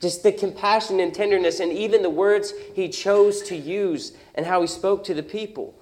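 A man's voice: high voice, steady tone, normal speed, a little mellow. A young adult man preaching a sermon as pastor, conversational and emphatic, with many rhetorical questions.

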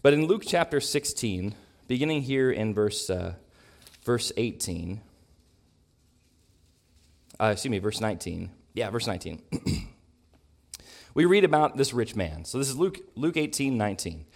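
A man teaching a Bible lesson to his congregation, talking it through thoughtfully, sometimes clearing his throat and correcting himself as he reads. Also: medium pitch, lively intonation, a little slow, long pauses. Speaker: preacher.

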